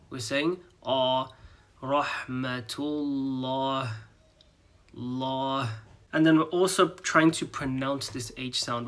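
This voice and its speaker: Guy teaching arabic greetings real slow, repeats each bit patiently, mid pitch. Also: bright, forceful tone. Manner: patient, drills words slowly syllable by syllable. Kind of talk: slow step-by-step pronunciation lesson.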